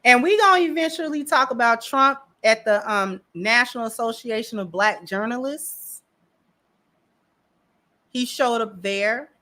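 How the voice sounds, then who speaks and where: Bright-voiced sassy woman commentator. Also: a little high, a little slow. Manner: sassy, emphatic, acts out quotes. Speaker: political commentator. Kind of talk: casual commentary vlog.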